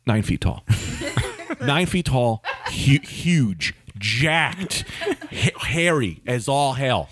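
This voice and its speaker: Male comedian host, lively storyteller, dry studio sound. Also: mid-range voice, very slow, no echo. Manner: animated, acts out voices in his stories.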